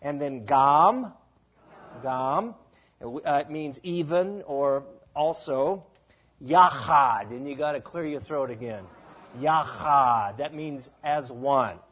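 A man teaching a Bible passage to a congregation in a slow, deliberate way, asking the listeners to repeat words after him. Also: a little high, a little mellow, breathy edge. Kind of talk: teaching sermon with sing-along.

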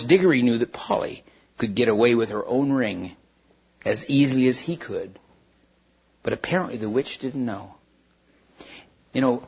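Male storybook reader, husky tone, homey read-aloud with slips, dull lo-fi recording. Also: mid-range voice. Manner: storytelling with small stumbles and restarts. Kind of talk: reading a children's book aloud.

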